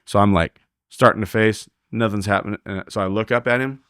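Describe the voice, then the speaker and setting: A man with a fairly low, smooth voice speaks briskly in a clean, dry studio recording. He's a team roper appearing as a podcast guest, telling a story in casual, animated talk, acting out the quoted voices and swearing freely.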